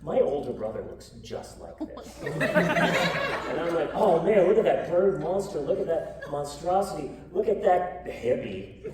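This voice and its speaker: A woman's voice: low voice, unhurried, very noisy. Woman telling a story live, voice jumps all over, echoey room, mic far off. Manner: animated, joking asides, coaxing the crowd. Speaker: storyteller, comedian. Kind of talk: live comedic storybook reading with audience participation. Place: live show venue with audience.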